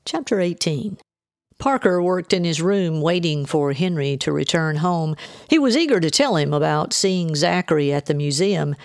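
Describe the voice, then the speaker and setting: A woman's voice: sits low, dry recording. Woman reading her novel, dry close sound. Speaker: author and podcast host.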